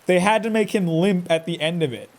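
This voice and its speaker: A man's voice: high voice, a little fast. A man commentating live on his own gameplay in a chatty way, talking to himself and to the enemy and exclaiming often. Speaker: game streamer.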